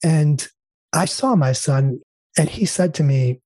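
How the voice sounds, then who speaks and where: Earnest man with a mellow, husky voice. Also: a little high, slow pace, dry recording. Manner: earnest, heartfelt, with many fillers and restarts. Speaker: interview guest. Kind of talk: conversational storytelling.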